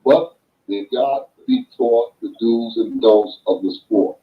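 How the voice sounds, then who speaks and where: A man's voice: medium pitch, huge pitch swings, vocal fry. Man with muffled audio, emphatic explainer. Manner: slow emphatic explaining, makes points with sayings. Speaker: boxing guest. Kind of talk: casual chat.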